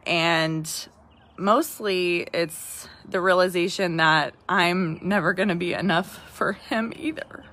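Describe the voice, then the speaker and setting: Bright-voiced woman sharing heartfelt reflections. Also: lowish voice, slow. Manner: heartfelt, frequent restarts and "right?" asides. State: tearful at times. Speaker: podcast host. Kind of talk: personal reflective talk to listeners.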